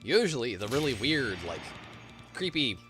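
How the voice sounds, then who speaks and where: A man's voice: mid-range voice, sing-song, normal speed. A man streaming a role-playing game, talking casually to chat with muttered asides, jokes and swearing. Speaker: gaming streamer. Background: loud game music.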